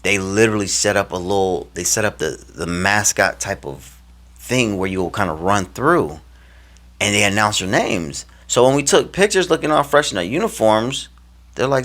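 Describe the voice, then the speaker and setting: Low-voiced man telling a lively story. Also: normal speed. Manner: animated, acts out his own and others' quoted lines; slangy, loose phrasing with many fillers. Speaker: vlogger telling a personal story. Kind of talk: casual storytelling.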